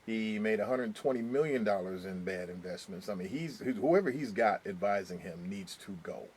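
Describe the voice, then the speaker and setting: A young adult man co-hosting a casual podcast chat, giving measured, opinionated commentary. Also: on the low side, expressive, a little mellow, a little hiss or hum. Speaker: podcast co-host.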